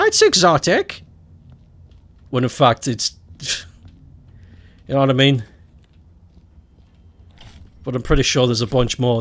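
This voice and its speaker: A man with a Scottish accent chatting casually as a game streamer, joking and laughing often. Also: mid-range voice. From Scotland. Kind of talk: casual chat while gaming.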